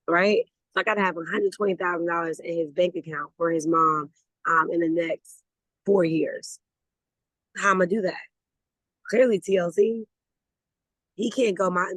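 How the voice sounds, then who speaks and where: A woman leading a motivational network marketing call, talking in a lively, conversational way, repeating words and laughing as she goes. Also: fairly low pitch, dry recording, low-quality recording. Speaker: network marketing team leader. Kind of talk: motivational talk on a video call.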